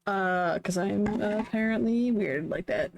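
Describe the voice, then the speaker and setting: A woman from the Southern United States chats casually on a live stream. She meanders through her thoughts with plenty of ums and uhs. Her voice sits at an ordinary middle pitch. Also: measured pace, vocal fry. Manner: chatty, meandering, many fillers. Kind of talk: casual chat.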